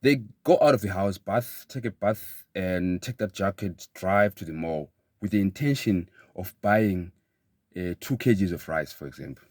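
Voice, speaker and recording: A man giving a motivational talk in an emphatic way, often repeating phrases and building to excited bursts. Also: low voice, moderate pace, no echo, studio quality. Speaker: motivational speaker.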